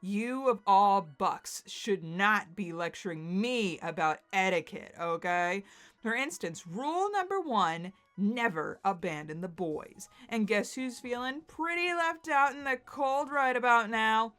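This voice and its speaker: A woman's voice: mid-range voice, animated, a little slow, fairly bright tone, clear, resonant tone, soft background music. A woman voicing an anxious, melodramatic young man in a dramatic webcomic read-aloud. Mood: indignant. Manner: fretful and melodramatic.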